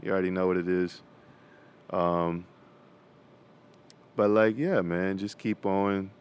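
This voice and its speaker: Young male vlogger, casual faith talk, smooth low voice, slangy. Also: fairly even intonation, slow. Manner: casual slangy preaching with many fillers.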